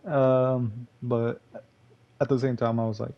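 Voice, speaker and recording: A man's voice: medium pitch, level tone, slow, pauses often, mellow, muffled recording. A young man from Texas commentating on his own gameplay in a rambling, loose way, full of fillers and curses. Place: home gaming room.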